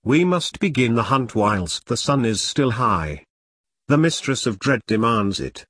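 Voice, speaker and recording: A man puts on a loud, bossy upper-class brute, barking orders at everyone. The voice is husky and the room is dry and close. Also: mid-range voice, big pitch swings, a little slow, no room sound, heavily acted. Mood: commanding. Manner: shouting, bossy and impatient. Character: bellowing fat aristocrat in a lion hat.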